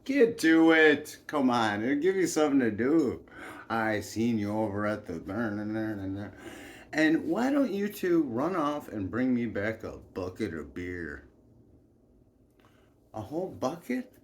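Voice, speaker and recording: A man voicing a boisterous, bossy chieftain who barks out orders in a gruff, loud manner. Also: lowish voice, very animated, slow pace, a little hiss or hum, full character voice.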